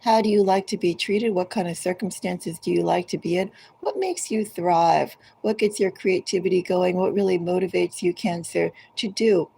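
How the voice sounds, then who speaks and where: A woman giving a collective tarot reading, speaking directly to each zodiac sign in an unhurried, musing way. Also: on the low side, fairly even intonation, creaky, dark tone, a little hiss or hum, poor audio. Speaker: tarot reader.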